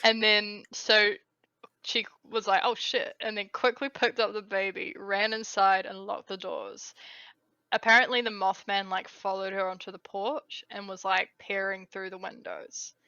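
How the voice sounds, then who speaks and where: A woman's voice: mid-range voice, little pitch movement, unhurried, bright, forceful tone, smooth, no echo, muffled recording. A woman with a New Zealand accent co-hosting a podcast in casual chat, chatty with lots of fillers. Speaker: podcast co-host.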